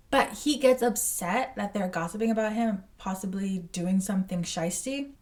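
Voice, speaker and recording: Young woman, movie reaction, animated, blunt, swears a lot, mid pitch, a bit off-mic. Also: moderate pace, hardly any pauses, recorded from a distance. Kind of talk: casual movie reaction commentary.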